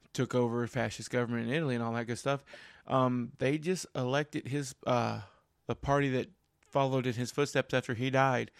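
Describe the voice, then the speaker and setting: A man's voice: mid-range voice, creaky, no room sound. A man with a mid-range voice tells stories in a casual chat, often repeating words as he restarts, then picking up speed. The sound is dry and close. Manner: stammering restarts, animated when telling stories. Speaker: podcast co-host and parent.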